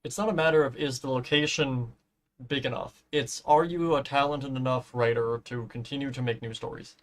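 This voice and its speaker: A man's voice: mid-range voice, fairly even intonation, moderate pace. Man, live streamer, casual rambling chat, hums to himself, swears offhand, voice giving out. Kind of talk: casual live-stream commentary while building in a game.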